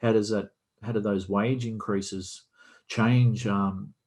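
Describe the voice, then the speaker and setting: A man's voice: fairly low pitch, fairly even intonation, slow, darkish tone. A man from Australia, a podcast guest, explaining business operations in a casual video-call conversation and posing rhetorical questions.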